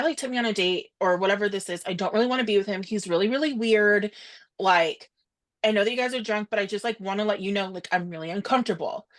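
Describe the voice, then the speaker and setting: A young woman co-hosting a podcast, telling a story in casual chat, animated and quoting others in quick asides. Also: medium pitch. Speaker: podcast co-host.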